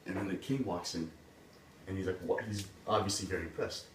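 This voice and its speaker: A man retells a fairy tale in loose, chatty speech, leaning on "like" and "he's like". His low voice is picked up from a distance in a roomy space, with steady background noise. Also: a little fast. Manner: casual, full of "like" and "he's like". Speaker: storyteller.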